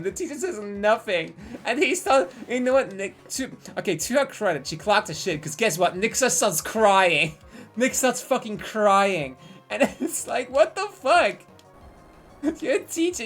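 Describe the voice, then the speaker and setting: A woman's voice: medium pitch, fairly bright tone. A woman in her twenties telling a rambling, profane story on a live stream and drifting into tangents.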